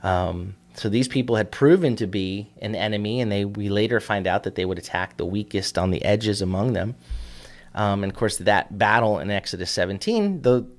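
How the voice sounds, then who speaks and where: A man teaching scripture as a rabbi, explaining in a conversational way with fillers and restarts. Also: medium pitch. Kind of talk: Bible teaching.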